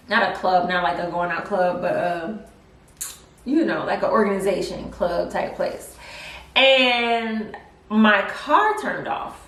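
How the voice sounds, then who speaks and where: A young woman telling a personal story in a casual vlog, chatty and animated with lots of fillers. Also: mid-range voice. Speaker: vlogger. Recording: roomy echo, mic at a distance.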